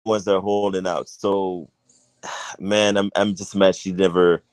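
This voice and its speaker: Male co-host, casual political chat, easygoing, deep, dry sound. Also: little pitch movement, unhurried, no echo, low-quality recording.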